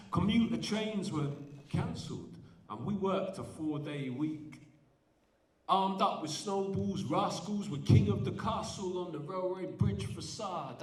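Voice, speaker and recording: Poet, male, high pitch, animated rhythmic delivery, heard from afar in a roomy space. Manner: animated, self-deprecating between poems. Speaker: poet performing at a student event. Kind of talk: spoken word poetry performance. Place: large indoor event hall. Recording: echoey hall, voice from a distance.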